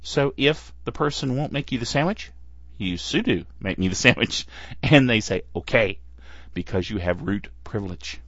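A man's voice: mid-range voice, animated, moderate pace, fairly bright tone, breathy edge, dry recording. A man hosting a casual tech podcast, chatty and playful, laughing between phrases. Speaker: podcast host. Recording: dull, lo-fi and dry.

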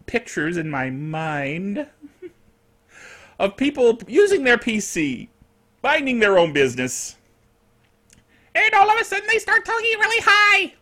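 A man's voice: sits high, fairly bright tone. A middle-aged man hosting his own netcast in a casual, jokey way, with playful asides. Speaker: podcast host. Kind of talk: casual solo netcast chat.

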